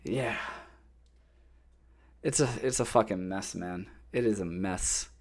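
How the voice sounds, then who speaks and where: A man's voice: low-pitched, slow. A man telling stories on a casual podcast, swearing freely and acting out the people he talks about. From Florida. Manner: animated storytelling, swears often, acts out callers. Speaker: podcast host. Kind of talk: casual chat.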